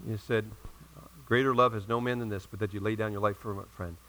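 A male pastor preaching a sermon in a church, telling a story and rising to loud emphatic peaks before dropping to quiet asides. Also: lowish voice, fairly even intonation, a little fast, rough recording.

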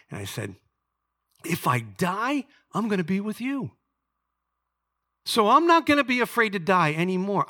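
A man preaching a sermon as pastor, moving between soft confiding storytelling and loud, fervent peaks. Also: lowish voice, creaky. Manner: drops to soft confiding tones for personal story.

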